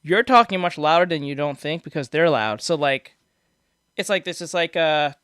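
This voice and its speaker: A man's voice: on the high side, lively intonation, normal speed, fairly bright tone, clear, resonant tone, dry recording, clean studio sound. A man chatting casually on a stream, answering viewers and explaining things in a rambling way, restarting sentences and laughing at his own jokes. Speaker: streamer reacting to viewer comments. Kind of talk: casual live-stream chat. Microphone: desk microphone.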